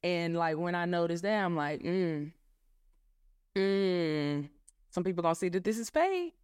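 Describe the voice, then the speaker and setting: A young woman, a guest on a faith podcast. Her voice sits a little low and sounds smooth and clear. She speaks reflectively and pauses often to search for words. The recording is dry and close. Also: big pitch swings, dry recording. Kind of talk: casual faith podcast chat.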